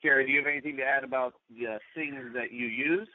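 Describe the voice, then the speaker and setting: A man's voice: mid-range voice, steady tone, quick pace, no room sound. A man co-hosting a podcast, chatting casually and often breaking off mid-sentence. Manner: rambling, self-interrupting. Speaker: podcast co-host. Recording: tinny phone-like sound.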